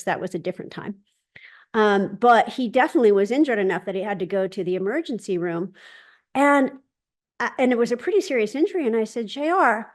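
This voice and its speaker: A woman leading a spiritual gathering on a video call tells a personal story in a lively, casual way. She acts out other people's lines as dialogue and often restarts her sentences, speaking at a fairly high pitch.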